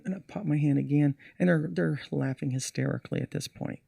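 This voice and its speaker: Gravelly middle-aged man telling a story. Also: mid-range voice, fairly quick, no echo, clean studio sound. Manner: animated storyteller acting out his show. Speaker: magician guest. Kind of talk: casual podcast interview.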